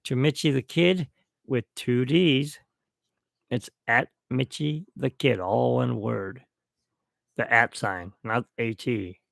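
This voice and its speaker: Slow, gravelly man rambling on a podcast. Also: mid-range voice, a bit bright, no room sound, clean studio sound. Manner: rambling, reminiscing, with restarts. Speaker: podcast host. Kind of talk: rambling solo podcast toast. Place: at home, alone.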